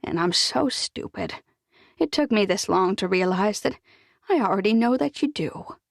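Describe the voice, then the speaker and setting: A stubborn older lady with a bossy, blunt tongue, as a woman narrator puts her on. Her voice swings widely in pitch and carries a gravelly edge, set close and dry in a storybook reading. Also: expressive, normal speed, dry recording.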